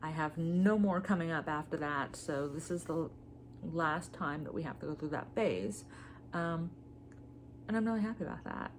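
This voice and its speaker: A woman in her forties talks casually to her vlog audience with a somewhat low pitch and a nasal, blocked-up sound. Her humor is dry and deadpan. Faint room ambience sits under her voice. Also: moderate pace, slight background noise. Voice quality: stuffy, blocked-nose sound. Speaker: vlogger. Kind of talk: casual chat.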